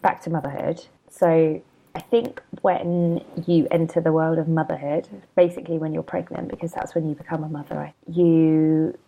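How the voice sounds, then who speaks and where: A woman's voice: low-pitched, little pitch movement, normal speed, vocal fry, warm tone, poor audio. A woman in her thirties hosting a casual solo podcast, chatty and self-deprecating, wandering off on digressions while a bit hungover and yawning. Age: 30s. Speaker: podcast host and blogger.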